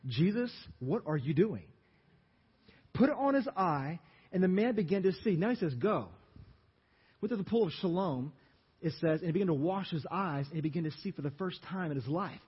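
A pastor from Louisiana with a Louisiana accent, preaching an animated sermon and asking the congregation questions. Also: male voice, high voice, fast, slightly rough. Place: church sanctuary. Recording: dull audio, long hall reverb.

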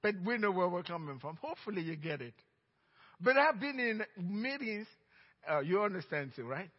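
Middle-aged Nigerian man preaching, husky, in a muffled, echoing church recording. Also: sits high, sing-song, moderate pace. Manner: emphatic storytelling, swinging between loud and hushed. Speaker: pastor. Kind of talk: sermon. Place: church sanctuary. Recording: dull reverberant church recording.

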